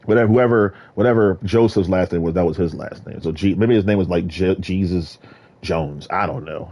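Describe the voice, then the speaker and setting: A man rambling in a solo vlog monologue, jumping between topics and bursting into sudden excited exclamations. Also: deep voice, moderate pace. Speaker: vlogger.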